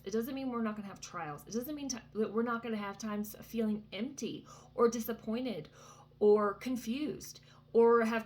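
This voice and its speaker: A woman's voice: medium pitch, a bit bright. A woman in her thirties talking casually from a vacation cabin, sharing an earnest faith testimony full of fillers and asides. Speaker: Christian vlogger.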